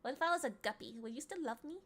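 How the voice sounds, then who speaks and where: A woman streamer with a high, light voice chats casually as she reads quiz options aloud. She teases her viewers playfully and often slips into soft murmurs and whispers. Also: animated, racing. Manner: playful and teasing, often breaking into giggles. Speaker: livestreamer. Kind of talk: casual livestream chat, reading quiz questions aloud.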